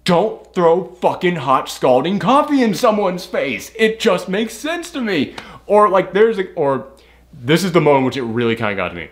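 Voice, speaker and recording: A man's voice: sits high, sing-song, normal speed. A man reviewing a movie in casual chat, rambling and swearing freely, acting out characters' lines in put-on voices. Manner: rambling, frequent "like" and restarts.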